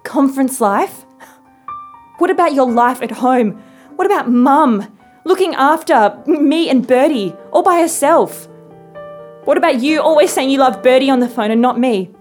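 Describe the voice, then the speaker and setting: A woman's voice: high voice, lively intonation, normal speed, darkish tone, faint music behind. A woman playing a hurt, indignant daughter confronting her father in a comedy sketch. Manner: accusing, earnest.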